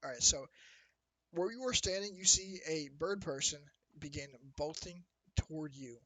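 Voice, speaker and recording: A man's voice: fairly high pitch, moderate pace, a bit bright, low-quality recording. A man narrating as dungeon master in a loose, chatty way, with lots of ums. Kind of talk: casual tabletop game narration.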